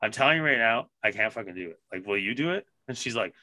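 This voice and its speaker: A man on a podcast telling a story casually, swearing constantly and animated in his retelling. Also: on the low side, fast, no room sound. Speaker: podcast co-host.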